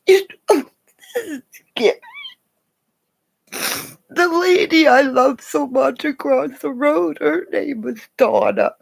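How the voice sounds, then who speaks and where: Slow, gravelly woman rambling. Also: high voice. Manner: rambling, drifting into soft whispers. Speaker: livestream host. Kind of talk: casual livestream chat.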